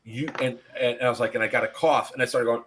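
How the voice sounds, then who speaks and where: A man's voice: medium pitch, fast talker, a little hiss or hum. A man hosting a casual live stream, telling a story with lots of laughing and acted-out voices. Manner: animated, laughing, acts out voices in anecdotes. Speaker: podcast host.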